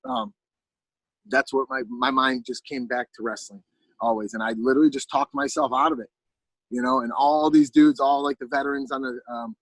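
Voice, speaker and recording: Brief: gravelly male interview guest, animated storyteller, dry close sound. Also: medium pitch, a little fast, no echo, poor audio. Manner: animated, keeps asking "you know what I mean". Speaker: guest, pro fighter.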